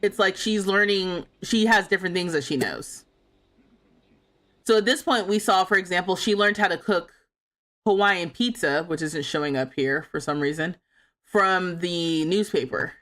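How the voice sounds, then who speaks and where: A woman's voice: lowish voice, normal speed, fairly bright tone. A young adult woman livestreaming a life sim game, chatting casually, reading chat aloud, laughing and talking back with playful indignation.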